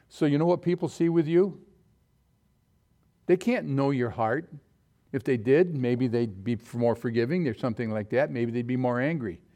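A man preaching a sermon, telling personal stories in an animated way and acting out quotes with sudden jumps in his voice. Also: mid-range voice.

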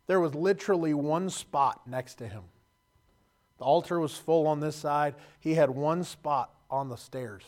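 A man's voice: fairly high pitch, moderate pace. Man preaching an emotional sermon. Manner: emotional storytelling, swinging from loud to hushed.

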